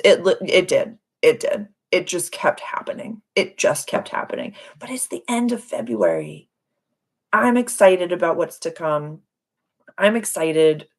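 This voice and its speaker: Gushing woman hosting an astrology livestream. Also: on the low side. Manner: effusive, gushing, repeats phrases. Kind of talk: casual live-stream chat.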